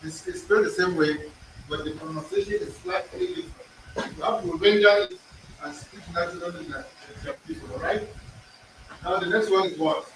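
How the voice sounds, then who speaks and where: A man's voice: high-pitched, very animated, normal speed, vocal fry, background noise. A man teaching an in-person language class, drilling pronunciation, repeating words and quizzing his students. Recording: echoey room, far from the mic.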